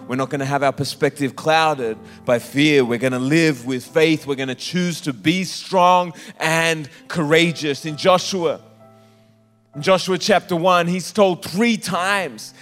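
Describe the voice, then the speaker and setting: A man preaching a sermon in a church, with impassioned, sometimes sung, drawn-out phrases. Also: on the high side. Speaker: pastor. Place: church hall. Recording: live church hall with reverb and soft instrumental music. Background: soft instrumental music.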